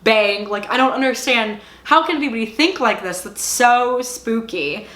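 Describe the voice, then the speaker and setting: A woman's voice: a little high, animated, normal speed, fairly bright tone, echoey room. A woman casually recapping and reviewing a TV series, chatty and full of "like," and openly invested in the story. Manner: chatty, fills speech with "like"; emotionally invested, exclaiming. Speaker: TV show reviewer.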